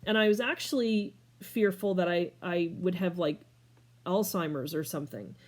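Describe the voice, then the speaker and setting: A middle-aged woman in a casual talking-to-camera life update from home, rambling and scattered, tearful and emotional, laughing through tears. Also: normal speed. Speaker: vlogger. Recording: clear background noise, furnace rumble.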